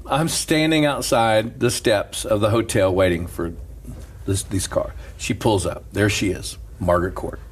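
A middle-aged man, a pastor, telling a story in an animated, preacher-like way and laughing as he goes. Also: fairly low pitch, unhurried, a little hiss or hum. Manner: lively, laughs through stories, preacher's cadence.

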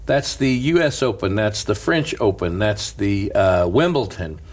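A man who is a preacher, telling a story in casual talk, animated and chuckling often. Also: lowish voice, measured pace.

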